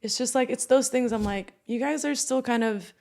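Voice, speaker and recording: A woman's voice: fairly high pitch, moderate pace, creaky, a little mellow. Chatty young woman, casual podcast guest. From Turkey. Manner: chatty, full of "like" fillers. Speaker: guest actress.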